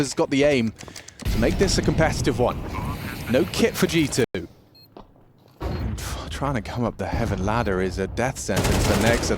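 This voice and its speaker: A man calling a live esports match, energetic and quick to shout at big plays. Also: mid-range voice, background noise. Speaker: esports play-by-play caster. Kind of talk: excited live game commentary. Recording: loud in-game gunfire behind. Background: loud gunfire and clicks from the match.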